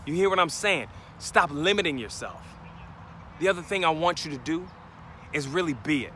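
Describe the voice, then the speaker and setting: A man's voice: a little high, animated, moderate pace, a bit bright, a little hiss or hum. A man giving an emphatic motivational talk outdoors, speaking straight to his listeners. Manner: emphatic, preachy, addresses listeners directly.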